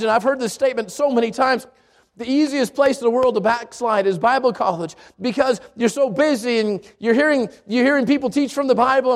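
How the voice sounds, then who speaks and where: A man preaching an earnest sermon as a pastor, often restarting and repeating words, rising to emphatic peaks. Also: very high-pitched.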